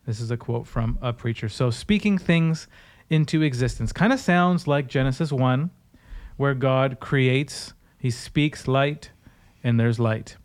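A man's voice: mid-range voice, measured pace, clean tone. A man co-hosting a podcast, chatting casually and laughing as he reads out quotes in mocking voices. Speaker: podcast co-host. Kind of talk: casual chat with quoted impressions.

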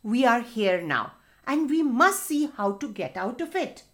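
A woman's voice: on the high side, sing-song, unhurried, fairly bright tone. A woman doing a proud, boastful fox. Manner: boastful and bossy, whining when stuck.

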